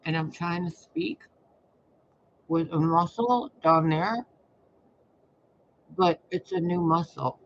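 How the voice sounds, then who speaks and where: Here a tarot reader with a fairly high male voice rambles slowly through a casual monologue, pausing often and swearing a lot in a blunt, expressive way. The sound is muffled, with a faint hiss or hum.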